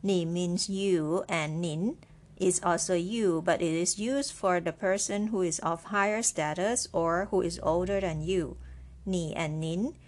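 Slow, patient Chinese woman teaching. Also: on the low side, a little mellow. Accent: Mandarin Chinese. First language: Mandarin Chinese. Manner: patient, repeats words slowly for learners. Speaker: Chinese language teacher, podcast host. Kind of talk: slow, clear podcast language lesson.

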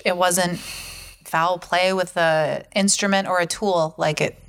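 A woman's voice: on the low side, steady tone, a little slow, clear, resonant tone. A woman talks through a murder case in loose, rambling podcast chat. She restarts sentences and leans on filler words as she works through what she has read. She slips easily into jokes with her co-host. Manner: rambling, many fillers like "like", jokey. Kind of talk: casual true-crime chat.

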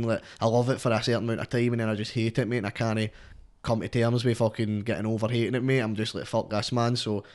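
A young guest rapper from Scotland talks in a Glaswegian accent, his voice lowish and somewhat dark. He rambles and swears through the casual chat, tacking "mate" onto nearly every phrase.

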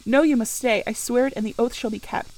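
A woman voicing a commanding, brooding middle-aged gentleman in an audiobook, with a slightly high voice. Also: fast, lightly acted, poor audio. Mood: vehement.

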